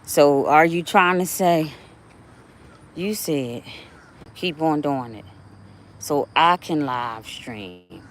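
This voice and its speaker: Older woman vlogger, animated and chatty, recorded on a phone outdoors with faint street noise behind her. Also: sits low, takes it slowly, pauses often. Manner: chatty, animated, talks to viewers. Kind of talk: casual walking vlog. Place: outdoors on a neighborhood walk.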